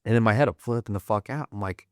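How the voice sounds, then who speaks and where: Veteran podcast guest, male, deep voice, salty and loose, dry studio sound. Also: fast talker, clear, resonant tone, no room sound. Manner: profane, rambling, full of "like" fillers. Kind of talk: casual storytelling.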